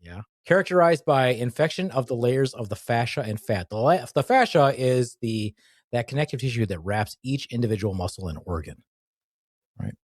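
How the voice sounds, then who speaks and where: Man, podcast co-host, mock-dramatic announcer bits, very lively pitch, dry close sound. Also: normal speed, no echo. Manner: jokey, mock-dramatic, hammy segment announcements. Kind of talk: casual comedic chat.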